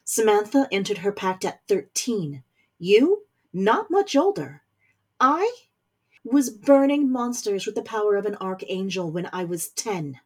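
A woman voicing a stern, powerful middle-aged mother who is a warlock general, speaking forcefully with scorn. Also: mid-range voice, moderate pace, husky, lightly acted. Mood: stern scornful. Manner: forceful, scornful, rising to anger.

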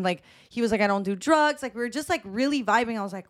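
A woman's voice: fairly high pitch, expressive, fast, few pauses. A young woman co-hosting a podcast, telling a story in casual chat and acting out the quoted voices, often laughing. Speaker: podcast co-host.

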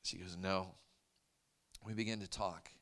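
A man preaching a sermon, telling a story in an earnest, soft-spoken way that sinks to a near whisper at tender moments. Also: low-pitched, fairly even intonation, measured pace. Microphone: handheld mic, later set aside to talk loud off-mic.

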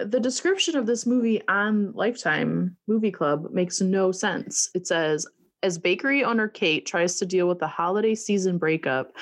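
Unhurried woman with lively pitch. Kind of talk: casual chat recapping a movie.

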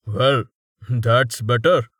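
A man's voice: medium pitch, drawn-out words, a bit bright, husky, dry recording, studio quality, heavily acted. A man voicing an arrogant bald male fighter who snaps at people and talks down to them. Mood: smug. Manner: snappish and condescending. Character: arrogant bald male brawler, brash and rude.

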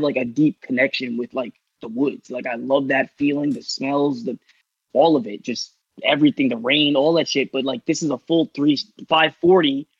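A man from Long Island talks as a podcast guest with a slightly high, husky voice. His speech is loose and rambling, packed with filler and casual swearing. The sound is dry and a bit muffled. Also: no echo. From Long Island, New York. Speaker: guest, artist.

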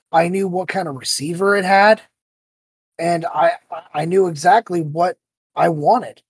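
A man hosting a podcast, telling stories in a casual, animated way and acting out the voices he quotes. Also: high-pitched, husky, no echo. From United States. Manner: animated storyteller who acts out quoted voices. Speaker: podcast host.

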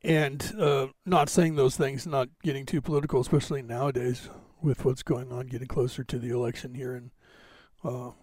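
An American man hosts a live podcast stream, chatting casually and rambling with plenty of fillers and restarts. His medium-pitched voice is level and somewhat dark, at a normal speed, with no echo. The sound comes from a camera set on a box during the live stream.

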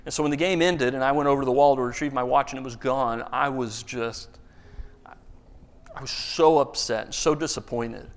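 A man preaching a sermon, telling stories with lively emphasis and frequent word repeats. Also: normal speed, clean tone. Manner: animated storyteller, rises loud and high for emphasis, repeats words. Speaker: pastor.

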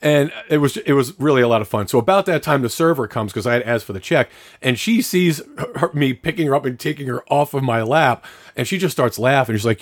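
Animated, swearing man telling a story. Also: medium pitch, moderate pace, dry recording, studio quality. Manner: profane, animated storyteller acting out quotes. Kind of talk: casual storytelling chat.

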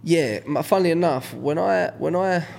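A man's voice: a little high, moderate pace, gravelly, darkish tone. A man, hosting a casual podcast chat, talking in a rambling way with lots of fillers and restarts. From England. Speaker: podcast host.

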